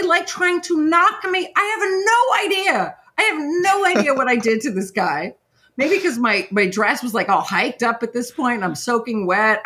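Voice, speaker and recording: A middle-aged woman host telling a story in casual chat, animated and laughing, with many fillers. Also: a little high. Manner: animated, laughing, lots of "like" and "right?". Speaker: podcast host.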